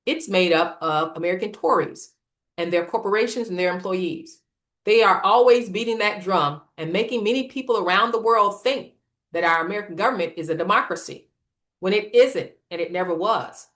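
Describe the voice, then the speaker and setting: A woman presenting a scripted political lecture in a measured, emphatic reading style. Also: mid-range voice, fairly bright tone. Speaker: series presenter.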